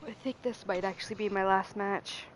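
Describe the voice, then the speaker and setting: A woman's voice: medium pitch, steady tone, moderate pace, a little hiss or hum. A woman streaming a game, playful, swears and laughs as she chats with teammates. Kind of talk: casual gaming chat.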